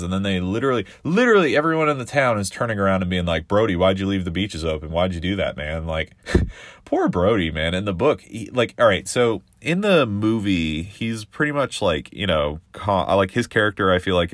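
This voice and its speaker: A man with a very low voice talks loosely on a solo podcast, rambling, filling gaps with "um" and "like", and swearing often. The sound is dry and close, with no room echo. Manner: rambling, with many fillers and profanity. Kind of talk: casual solo podcast talk.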